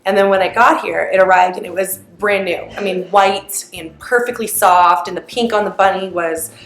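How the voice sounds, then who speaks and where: A woman's voice: medium pitch, steady tone, moderate pace, a bit bright, a little hiss or hum. A mother telling a family story in a casual, chatty way, meandering and full of fillers. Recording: roomy echo.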